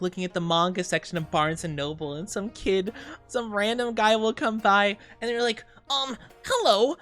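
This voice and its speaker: A woman in her twenties, chatting casually on stream, rambles, giggles often and plays around with silly voices. Her voice is medium-pitched and a bit bright.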